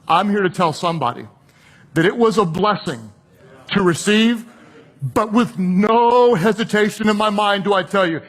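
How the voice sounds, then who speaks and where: High-voiced man telling a sermon story. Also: lively intonation, moderate pace, pauses often, slight background noise. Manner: conversational storytelling, acts out quoted people. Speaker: preacher. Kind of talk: sermon illustration.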